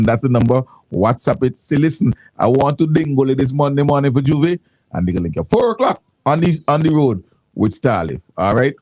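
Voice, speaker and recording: A man's voice: mid-range voice, very animated, a little fast, darkish tone, no room sound, low-quality recording. A man hosting casual morning radio, rambling with restarts and local slang. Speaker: radio host. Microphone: studio microphone.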